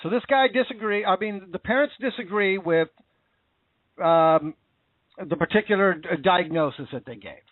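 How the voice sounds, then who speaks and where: A man's voice: sits high, moderate pace, no echo. A man hosting an internet talk show, speaking in an impassioned, repetitive and indignant way. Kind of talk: casual political commentary. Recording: tinny phone-like line.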